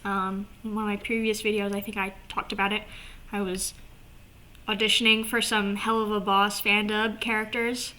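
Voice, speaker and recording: A woman vlogger chatting casually to camera, animated and swearing, with lots of "like" fillers. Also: medium pitch, normal speed, slight background noise.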